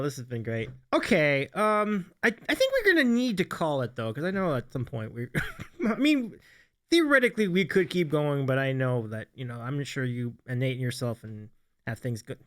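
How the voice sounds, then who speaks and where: Animated male livestream host. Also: medium pitch. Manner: animated, laughs often, reads chat aloud. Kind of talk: casual livestream chat.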